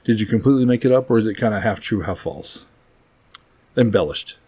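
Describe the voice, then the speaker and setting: Fast-talking low-voiced podcast host. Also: male voice, animated, mellow, breathy edge, no room sound. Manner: upbeat, chatty, jokes about himself. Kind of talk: casual podcast hosting.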